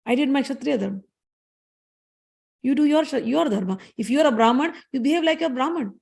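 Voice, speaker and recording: A gentle, humble young prince, as a woman storyteller puts him on reasons with calm respect. The voice sits high and slightly gravelly, patient and earnest. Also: fairly quick.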